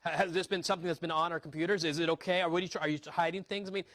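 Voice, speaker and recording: A young adult man, a pastor preaching a sermon in a church, earnest, often restarting words and acting out quick asides. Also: fairly high pitch, fairly even intonation, a bit bright, no echo. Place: church sanctuary.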